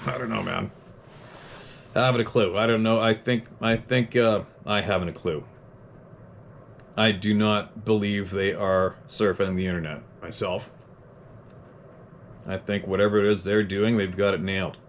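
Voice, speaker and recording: A man's voice: fairly low pitch, fairly even intonation, moderate pace, long pauses, a little hiss or hum. A man from Canada, hosting a podcast and reading listener letters, talking bluntly and with plenty of swearing in a heated, unscripted monologue. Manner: blunt, profane, heated ranting; self-deprecating chuckles.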